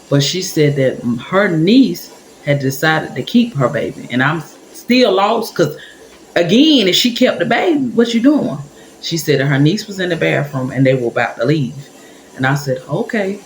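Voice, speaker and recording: A woman recounts a personal story to her audience in a casual, animated way, slipping into the voices of the people she quotes. Her voice bounces around a roomy, echoing space. A faint background noise sits under it. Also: low voice, moderate pace. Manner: animated, talks to viewers directly and acts out quotes. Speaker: storyteller vlogger.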